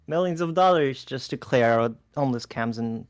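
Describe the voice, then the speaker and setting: A man's voice: medium pitch, normal speed, no room sound. A man from Germany, chatting casually on a podcast and earnestly adding facts.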